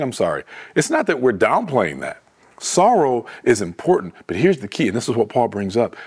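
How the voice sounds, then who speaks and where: A man preaching a sermon in a conversational, animated way, often restarting his words. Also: mid-range voice.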